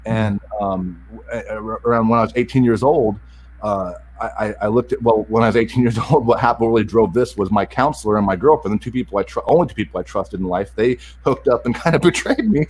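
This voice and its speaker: A man with a somewhat low voice tells a hard personal story as a podcast guest. He speaks earnestly and with open emotion. He keeps stumbling and restarting mid-sentence. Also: a little mellow, a little hiss or hum. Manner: earnest, halting, with frequent restarts and repeated words; openly emotional. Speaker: podcast guest, self-help author. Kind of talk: personal story told in an interview.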